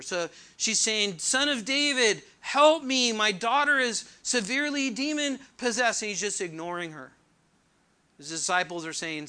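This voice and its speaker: A man gives a sermon in a high, piercingly bright voice. He speaks earnestly and poses rhetorical questions to his listeners. He slows down deliberately whenever he reads scripture aloud. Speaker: pastor.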